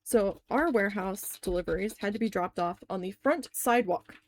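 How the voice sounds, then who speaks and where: A woman's voice: mid-range voice, moderate pace, a little hiss or hum. A young woman telling a story in a casual crafting vlog, candid and swearing freely, often saying "like".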